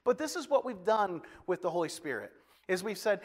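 A man's voice: sits high, expressive, fast, in a large hall. A man preaching a sermon as a pastor, in a conversational way with folksy asides and self-deprecating humor.

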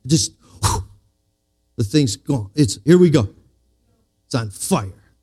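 A male pastor giving a sermon, telling a story and swinging from slow emphatic lines to quiet asides. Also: mid-range voice, animated, slightly rough.

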